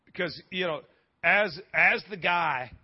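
A man preaching a lively sermon in a church, joking with the congregation and restarting his sentences often. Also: high-pitched, takes it slowly, slightly rough, lo-fi sound. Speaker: pastor. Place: church sanctuary.

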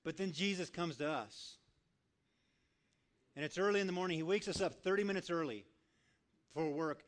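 Male guest preacher, a bit high-pitched, animated storyteller who voices his characters. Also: moderate pace. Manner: animated storyteller acting out voices, dropping soft for quiet lines. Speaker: guest speaker. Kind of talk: sermon storytelling.

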